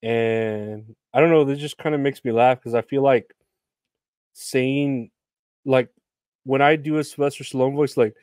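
A man's voice: medium pitch, steady tone, unhurried, darkish tone, no echo, clean studio sound. A young man hosting a solo podcast, rambling in a sardonic, profane way with lots of fillers. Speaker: podcast host. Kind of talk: casual solo podcast rant.

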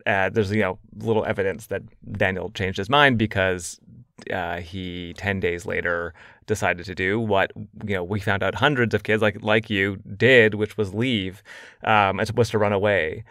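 A man, a journalist guest, explaining events in a measured, steady way in a conversational interview. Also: sits low, no echo, studio quality.

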